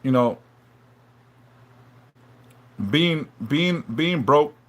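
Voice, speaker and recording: Halting, emotional man on a bright live stream. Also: a little high. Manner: halting, repeats words, heavy swearing; apologetic and openly vulnerable. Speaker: livestream host reading chat.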